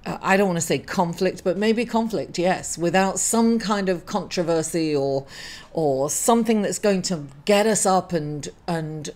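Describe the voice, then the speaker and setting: A woman's voice: on the low side, unhurried, a little mellow. Give me a grieving woman giving an astrology reading to camera, hesitant and apologetic. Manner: hesitant, many fillers and apologies. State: emotional and grieving. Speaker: astrology reader and channel host.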